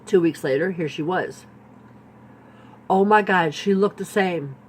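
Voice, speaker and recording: A woman's voice: on the low side, a little slow, slight background noise. A woman vlogger telling a personal story in a rambling, repetitive way, full of "like" and "you know.". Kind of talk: storytime vlog.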